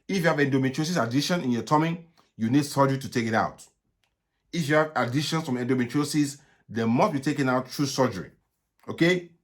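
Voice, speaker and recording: A man with a Nigerian accent, a gynaecologist answering viewers' questions live in brisk, repetitive bursts, often checking "okay?". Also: mid-range voice. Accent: Nigerian English. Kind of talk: live Q&A stream.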